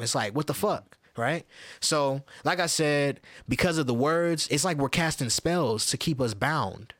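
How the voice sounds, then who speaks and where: Profane, animated man on a dry mic. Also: fairly high pitch, dry recording. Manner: loose, profane, animated storytelling with quick voice shifts. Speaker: podcast co-host. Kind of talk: casual podcast chat.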